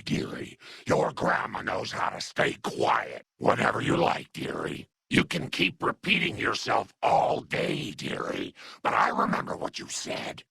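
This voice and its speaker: A man voicing a kindly, muddled old grandmother super mutant in a game dub, raspy and doting, who calls everyone dearie. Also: on the low side, pushed and bright, dry recording, studio quality, exaggerated voice. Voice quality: gravelly, raspy.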